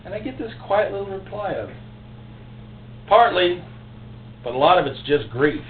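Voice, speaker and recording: A man preaching a sermon as pastor, emotional and impassioned, with sudden loud outbursts. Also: on the high side, big pitch swings, fast. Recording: echoey, tinny phone-like recording with faint hum.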